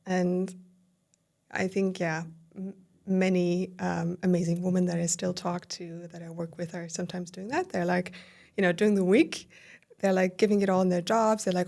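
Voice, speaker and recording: A woman's voice: fairly low pitch, normal speed, vocal fry. A woman guest on a podcast, talking candidly about her own experience, full of fillers and quoting her own inner thoughts. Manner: animated retelling with quoted inner dialogue, filler-heavy. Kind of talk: candid conversational storytelling.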